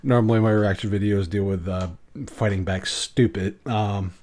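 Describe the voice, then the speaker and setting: A man's voice: fairly low pitch, steady tone, normal speed, a little mellow. A man hosting a casual reaction video, talking bluntly with swearing and restarts. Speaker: channel host reacting to a video.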